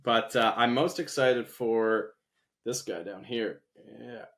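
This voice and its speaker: Man, middle pitch, casual podcast co-host, easygoing, agreeable. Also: slow, a bit bright. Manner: easygoing, agreeable, lots of back-channel affirmations. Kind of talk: casual chat.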